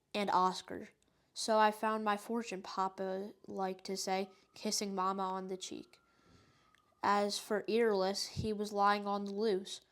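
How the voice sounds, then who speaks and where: A woman reading a children's book aloud in a steady, even narrating voice. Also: medium pitch. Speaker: storyteller.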